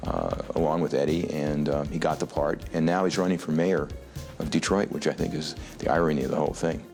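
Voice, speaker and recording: A man's voice: extremely low pitch, steady tone, brisk, vocal fry, darkish tone, soft background music. A man recalling casting a film in an interview, matter-of-fact. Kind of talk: anecdotal interview.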